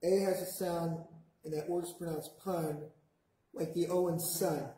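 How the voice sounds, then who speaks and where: Guy teaching a class, slow and patient, says each word for folks to repeat, big echoey room. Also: fairly high pitch, steady tone, dark tone. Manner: patient, models words slowly for the class to repeat. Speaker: language teacher. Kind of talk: language class instruction.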